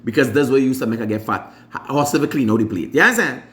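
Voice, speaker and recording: A man's voice: mid-range voice, fast talker, fairly bright tone. A Guyanese man hosting a live morning show, telling stories animatedly and imitating his mother. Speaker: show host. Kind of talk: casual storytelling monologue.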